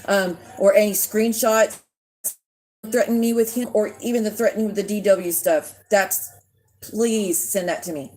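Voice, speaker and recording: A woman's voice: mid-range voice, steady tone, normal speed, darkish tone, a little hiss or hum. A woman hosts a casual livestream. She rants in a heated way, swears often and calls out viewers by name. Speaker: livestream host.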